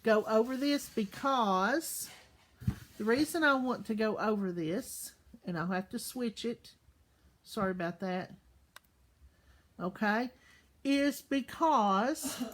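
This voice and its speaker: Speaking slowly and patiently to young children in a recorded lesson, a woman teacher keeps asking questions and checking in with "okay?". Her voice is a little high and expressive.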